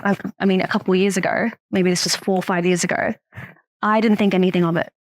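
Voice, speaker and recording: A woman's voice: on the low side, fairly even intonation, quick pace, no room sound. A young woman from Australia with an Australian accent, telling a personal story in a casual podcast chat, restarting often and leaning on fillers.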